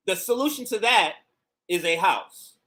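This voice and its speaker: A man's voice: sits high, animated, unhurried, bright, forceful tone. A man hosting a political livestream, reacting to clips and arguing with pointed rhetorical questions. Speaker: political commentary host.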